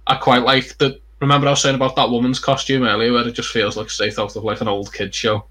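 Bright, rambling man chatting. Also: medium pitch, level tone, quick pace, breathy edge. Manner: rambling, sweary and full of fillers. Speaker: podcast co-host. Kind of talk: casual chat.

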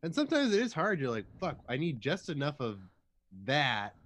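A man's voice: fairly high pitch, huge pitch swings, normal speed, a bit bright. A man co-hosting a casual podcast, joking and addressing listeners with theatrical asides. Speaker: podcast co-host. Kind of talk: casual chat.

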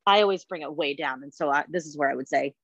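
Low-voiced woman, dry dull recording. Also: quick pace, breathy edge, dry recording. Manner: animated, laughing, lots of fillers. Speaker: podcast co-host. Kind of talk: casual chat.

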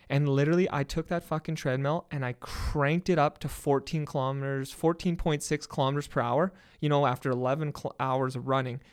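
A man telling an excited story in casual chat, swearing often. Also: mid-range voice, smooth.

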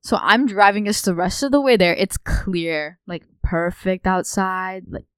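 A young woman co-hosting a podcast, telling a story in a profane, animated way. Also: mid-range voice, unhurried, smooth, no echo. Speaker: podcast co-host. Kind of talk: casual chat.

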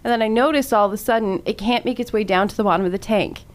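A woman's voice: medium pitch, fast. A woman in her thirties co-hosting a radio show, telling a story in casual studio chat and laughing often into a studio mic. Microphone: studio microphone.

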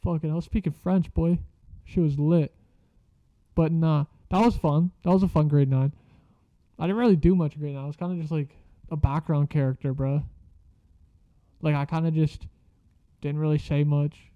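A man's voice: a little high, fairly even intonation, normal speed, long pauses, no echo, highs cut off. A young man telling a rambling story in a casual, slangy way, swearing a lot.

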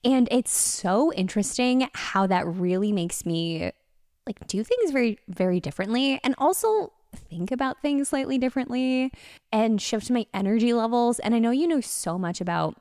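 A playful young woman from Connecticut chats and teases her co-host, laughing often. Her voice sits a little high and swings widely in pitch. The sound is dry and close. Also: lively intonation, normal speed, a little mellow, no echo. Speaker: podcast co-host, personal trainer. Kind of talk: casual chat.

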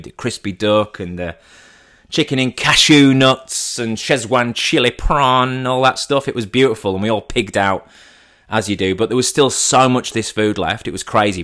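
A man's voice: fairly low pitch, fairly bright tone. A man in his thirties hosting a podcast, telling a story in a chatty, teasing way. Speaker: podcast host. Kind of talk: comic storytelling.

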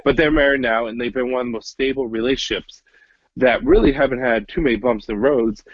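A young man talks fast and loose on a podcast, swearing freely and restarting sentences. His voice is husky and the close, dry recording sounds dull and lo-fi. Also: medium pitch, no echo. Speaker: podcast co-host. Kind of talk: casual chat.

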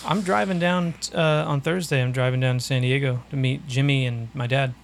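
A man's voice: medium pitch, fairly even intonation, brisk, gravelly, slight background noise. A man in his early thirties hosting a podcast, telling stories in casual chat with a laid-back manner and frequent laughs. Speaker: podcast host.

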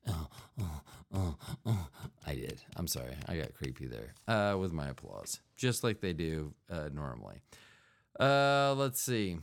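A man's voice: very deep voice, very animated, a little slow. A man hosting a solo podcast in a rambling, digressive comedic monologue, full of fillers and playful mouth sound effects. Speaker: podcast host.

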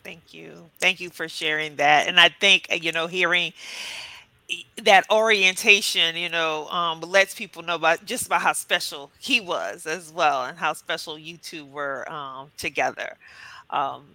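A woman's voice: low-pitched, unhurried, sharp tone, no echo, low-quality recording. A woman co-hosting a casual interview, encouraging and colloquial. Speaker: podcast co-host.

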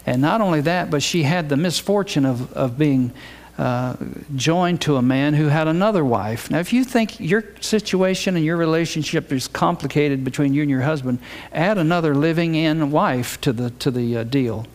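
Older man, pastor, sermon, folksy storytelling, humorous asides, slightly high voice. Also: lively intonation, normal speed, darkish tone.

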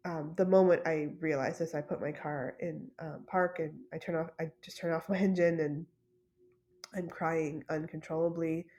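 A woman hosting a podcast, telling a personal story in a soft, hesitant way with many fillers and restarts. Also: deep voice, steady tone, normal speed. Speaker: podcast host.

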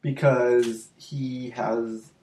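A man arguing his point on a casual podcast, blunt and insistent, often restarting his sentences. His pitch is in an ordinary middle range. The recording has a roomy echo. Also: level tone, very slow, dark tone. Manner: argumentative, blunt, stumbling restarts. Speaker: podcast co-host. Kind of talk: casual chat, debate. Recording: roomy echoey room.

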